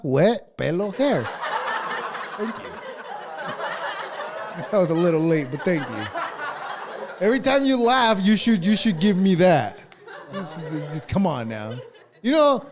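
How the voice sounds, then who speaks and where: A man's voice: high voice, a little mellow. A man co-hosting a podcast, ranting heatedly with constant swearing. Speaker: podcast co-host. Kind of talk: casual podcast rant.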